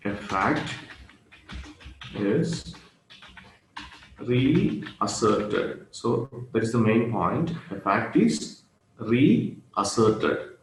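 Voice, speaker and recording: A man giving an online grammar lesson, speaking slowly and repeating key phrases with pauses. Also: fairly low pitch, expressive. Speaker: grammar teacher. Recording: roomy echo with faint noise.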